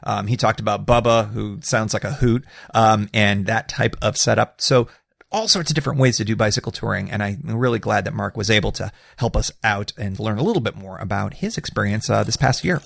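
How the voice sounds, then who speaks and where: Gravelly, chatty male podcast host. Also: on the low side, a little fast, fairly bright tone, no room sound, studio quality. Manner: upbeat, chatty, with fillers and laughs. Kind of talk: casual podcast talk.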